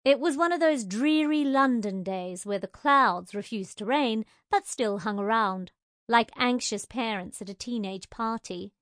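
A woman reads a novel aloud in a measured, gently wry way. Her voice sits a little on the high side. The recording is dry and close, with no room echo. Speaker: audiobook narrator. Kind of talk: scripted narration.

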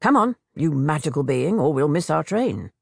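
A woman voicing a cheerful father hurrying his daughter along in a storybook, with a gravelly, husky voice. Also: low-pitched, big pitch swings, normal speed, no room sound, studio quality, heavily acted. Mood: urging.

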